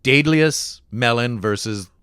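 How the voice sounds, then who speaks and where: A man's voice: mid-range voice, unhurried, clean tone, no echo, studio quality. A Canadian man, a comedian guest on a podcast, telling a story casually and acting out the voices of the people in it. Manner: animated, acts out voices.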